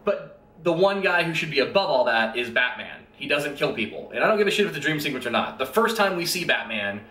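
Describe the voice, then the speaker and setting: A man's voice: on the high side, big pitch swings, fast talker, pushed and bright. A man giving a casual, rant-style movie review in an exasperated, profane and sarcastic way. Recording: roomy echo.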